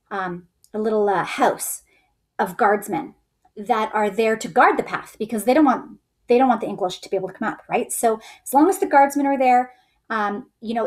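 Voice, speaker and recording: A woman teaching history in a casual storytelling way, acting out quoted soldiers in raised voices. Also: a little high.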